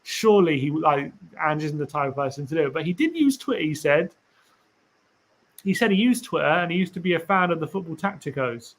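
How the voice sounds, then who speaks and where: Rambling, higher-voiced man streaming. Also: animated, brisk. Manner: musing, rambling, asks viewers rhetorical questions. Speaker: fan channel stream host. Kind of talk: casual live-stream chat reading tweets aloud.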